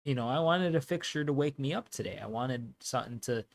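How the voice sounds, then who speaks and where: Young male streamer, laid-back football chat that jumps loud and high when the play heats up. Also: lively intonation, brisk, creaky. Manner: casual slangy chat, bursts loud and high at match action. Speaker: watch-along streamer. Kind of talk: live football watch-along commentary.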